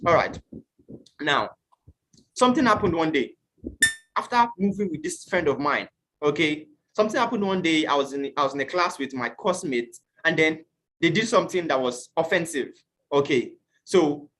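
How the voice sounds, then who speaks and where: A man from Nigeria teaching an online class, earnest and questioning, at times acting out shouted quotes. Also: a little high, lively intonation, moderate pace. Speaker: youth teacher.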